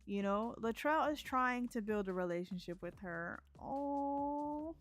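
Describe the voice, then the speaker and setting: A woman's voice: mid-range voice, lively intonation, normal speed, a bit bright, smooth, faint music behind. A woman streaming a life-sim game, chatting casually, giggling often and narrating what her characters think and say. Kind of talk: casual let's-play commentary.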